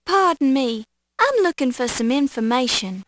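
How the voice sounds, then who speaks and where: A woman's voice: high-pitched, sing-song, moderate pace, a bit bright. An actress playing a determined young woman reporter in an adventure game, polite but insistent. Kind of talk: 1990s adventure game voice acting.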